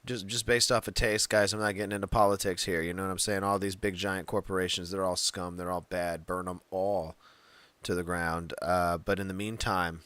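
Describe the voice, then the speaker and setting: Low-voiced man telling jokey rambling stories. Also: flat delivery, normal speed, fairly bright tone, smooth, dry recording. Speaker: podcast co-host. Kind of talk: casual chat.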